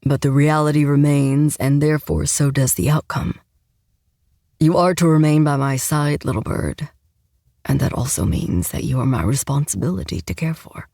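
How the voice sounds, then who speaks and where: A woman voicing a commanding, protective male enforcer who speaks in a measured, formal way for an audiobook. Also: sits low, vocal fry, dark tone, no room sound, studio quality. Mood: calm, firm. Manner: measured, formal, unhurried speech. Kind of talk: audiobook narration.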